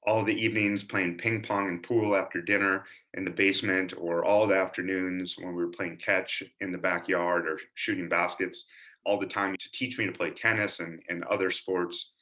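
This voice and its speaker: A man narrating his childhood memories of his father, in an earnest, animated storytelling manner. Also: sits low, normal speed. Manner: earnest, animated storytelling with lively quoted voices. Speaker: son telling family stories.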